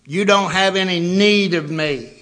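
A man's voice: sits high, unhurried, pushed and bright. A man preaching a sermon, emphatic, repeating words for stress.

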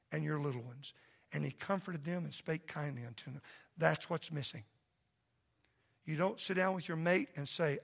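Gravelly preacher, shouting then soft. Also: male voice, on the high side. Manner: preaches loud and impassioned, then drops to a soft earnest plea. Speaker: pastor. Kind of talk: sermon. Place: church sanctuary.

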